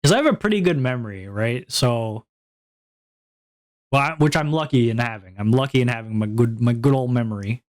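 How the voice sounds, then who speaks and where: A man streaming alone in easy, loose chatter, wandering between topics with plenty of self-mocking laughs. His voice sits at an ordinary middle pitch for a man, and he talks like a VTuber chatting straight to his viewers. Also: fairly quick. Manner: rambling and self-deprecating, laughs often. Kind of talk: casual solo stream chat.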